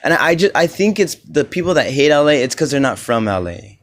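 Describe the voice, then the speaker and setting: A man's voice: on the high side, sing-song, a little fast. A man from Los Angeles hosting a casual solo podcast, rambling loosely with lots of "you know"s. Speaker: podcast host.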